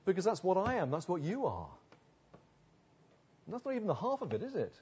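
Earnest preacher with husky voice. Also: male voice, huge pitch swings, brisk, darkish tone, dull audio. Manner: earnest, rising to emphatic declamation then dropping low. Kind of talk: sermon.

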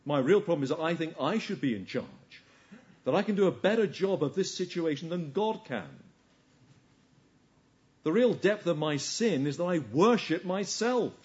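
A man preaching a sermon. He asks rhetorical questions and swings between hushed lines and forceful emphasis. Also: a little high, expressive, moderate pace, highs cut off.

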